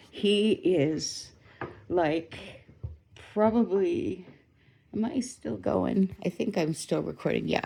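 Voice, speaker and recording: A woman's voice: low-pitched, mellow. A woman ranting in a rambling, indignant way, with swearing, recorded on a phone at home. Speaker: vlogger. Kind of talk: casual ranting commentary to a phone.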